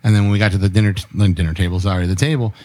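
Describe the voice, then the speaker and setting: Man, low voice, casual podcast chat, swears freely, retells stories with quotes. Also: fairly even intonation, racing, warm tone.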